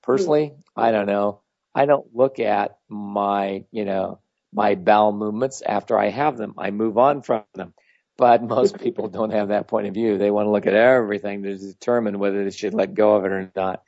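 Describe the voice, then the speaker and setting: A man's voice: fairly low pitch, steady tone, normal speed, gravelly, no echo. A man giving a casual, rambling talk as a spiritual teacher, blunt and full of anecdotes. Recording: dull lo-fi audio.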